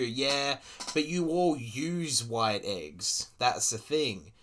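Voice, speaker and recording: A man's voice: mid-range voice, animated, drawn-out words, hardly any pauses, a bit bright, a little hiss or hum. A young Australian man streaming, ranting casually and profanely with sarcastic asides while reacting to a video.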